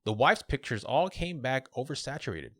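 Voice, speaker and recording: A man co-hosting a podcast, casually telling a local legend with relaxed fillers and restarts. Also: mid-range voice, moderate pace, dry recording, clean studio sound. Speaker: podcast co-host.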